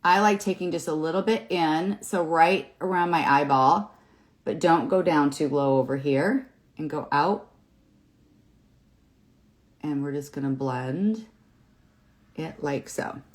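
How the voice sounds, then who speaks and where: A woman's voice: low voice, takes it slowly, pauses often. A woman in her fifties hosting a live makeup tutorial, chatty and encouraging, rambling a little with fillers as she works on camera. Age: 50s. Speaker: makeup seller and host. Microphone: phone or webcam in front of her.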